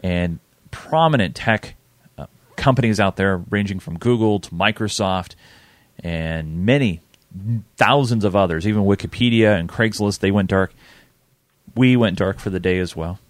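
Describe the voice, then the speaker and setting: A man's voice: low-pitched, moderate pace, no echo. A man in his thirties hosting a podcast, rambling a little and laughing easily, on a close desk mic. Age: 30s. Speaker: podcast host. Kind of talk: casual chat.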